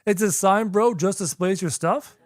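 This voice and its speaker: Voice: medium pitch, normal speed, no echo, faint music behind. A young adult game streamer doing live gameplay commentary, chatty, talking to chat and repeating phrases while figuring things out.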